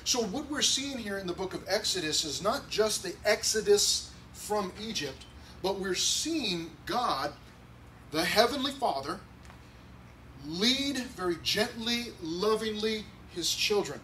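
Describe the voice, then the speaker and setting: A man's voice: high-pitched, expressive, measured pace, pushed and bright. A man preaching a conversational sermon to a church congregation, sometimes acting out quoted voices. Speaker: pastor. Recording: distant mic with faint noise.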